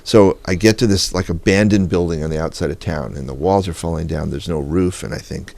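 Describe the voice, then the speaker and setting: A man guest on a radio show telling a long, animated anecdote in a studio. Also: low-pitched, brisk, creaky. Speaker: guest photographer. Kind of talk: storytelling interview.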